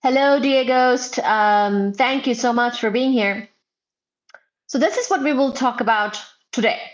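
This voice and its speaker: A woman chats through her physics livestream, reading comments aloud in a loud, playful, slow-paced manner that edges toward shouting. Her voice sits fairly high, and the audio is a bit dull and lo-fi. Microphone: wearing headphones.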